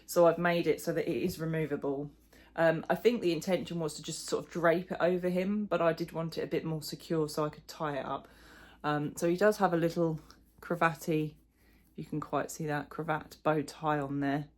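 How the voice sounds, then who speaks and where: A woman's voice: low-pitched, steady tone, normal speed, a little mellow. A middle-aged woman chatting casually in a crochet vlog, rambling and self-deprecating, with plenty of fillers. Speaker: crochet vlogger. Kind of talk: casual chat.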